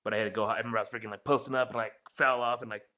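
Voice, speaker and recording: Young dude podcast host, bright voice, swears a lot, rambling sports story. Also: male voice, fairly low pitch, rapid-fire. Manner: animated storytelling, heavy swearing. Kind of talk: casual chat.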